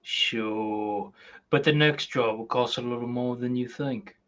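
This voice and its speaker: A man's voice: mid-range voice, a little slow, fairly bright tone, lo-fi sound. A man playing a tabletop game, bargaining bluntly in short replies. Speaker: player. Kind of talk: casual game talk.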